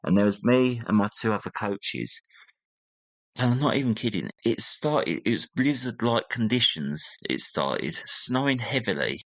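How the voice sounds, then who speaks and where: Low-voiced man telling a story. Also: a little slow, dry recording. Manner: animated retelling, acting out family members' lines. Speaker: guest. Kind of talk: casual storytelling.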